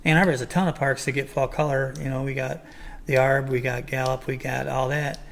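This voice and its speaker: A man's voice: medium pitch, level tone, a little fast, gravelly, slight background noise. An older man, hosting a casual chat show and rambling through his points with plenty of ums and restarts. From Michigan. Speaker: podcast host.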